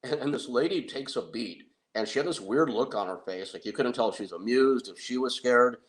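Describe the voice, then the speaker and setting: A middle-aged man who manages fighters, telling an anecdote in an animated, self-deprecating way and laughing often. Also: mid-range voice, brisk. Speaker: wrestling and MMA manager. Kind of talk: anecdotal storytelling.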